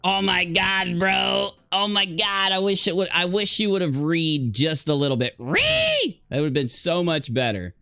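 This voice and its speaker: A man live-streaming reactions to clips, excitable and quick to exclaim and laugh. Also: high voice, vocal fry. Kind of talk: casual reaction commentary.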